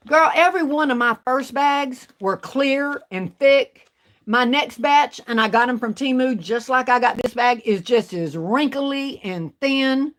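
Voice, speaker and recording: A woman, chatting casually with viewers on a craft livestream and drawing out her words. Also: sits high. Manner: chatty, drawn-out, talks to viewers. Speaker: craft vlogger.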